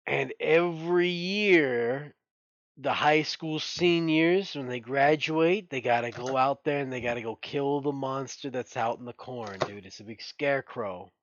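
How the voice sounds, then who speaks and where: A relaxed man chatting on a podcast, loose and profane, tossing "dude" into nearly every thought. His voice sits at an ordinary middle pitch. The recording is dry and a little muffled, with no room sound. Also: unhurried, no room sound. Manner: laid-back, swears freely, calls people "dude". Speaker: podcast co-host. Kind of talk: casual podcast chat.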